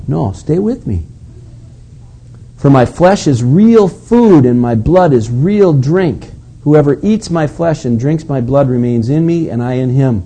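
A male preacher reading scripture aloud and breaking off for quiet, earnest asides to his listeners. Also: mid-range voice, expressive, unhurried. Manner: reads verses aloud then drops to quiet asides to listeners. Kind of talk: sermon reading and explaining scripture.

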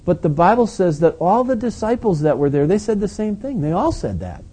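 A male pastor delivering an animated, emphatic sermon with conversational asides. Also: high-pitched, moderate pace, breathy edge.

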